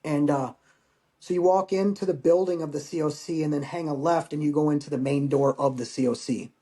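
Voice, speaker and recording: A man in his forties, a veteran guest on a podcast, recounting a personal war story in a halting, emotional way with rough language. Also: on the high side, steady tone, warm tone.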